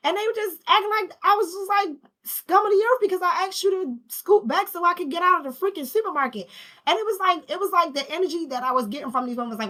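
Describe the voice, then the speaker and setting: A middle-aged woman telling a story in a casual, animated way and acting out the people she quotes. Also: extremely high pitch, fast. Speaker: spiritual vlogger.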